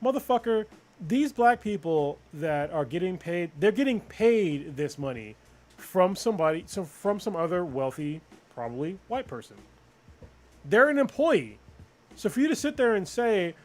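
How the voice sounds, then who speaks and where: Man, high voice, casual podcast chat, profane and fired-up. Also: normal speed. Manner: profane, animated ranting.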